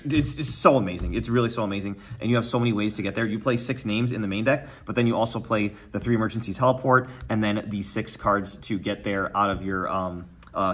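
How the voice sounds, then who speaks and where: A young man giving a casual deck breakdown, talking quickly with lots of fillers and going a little out of breath. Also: fairly low pitch, slightly rough. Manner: quick, filler-heavy, trails off quietly. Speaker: deck profile presenter. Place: card tournament venue.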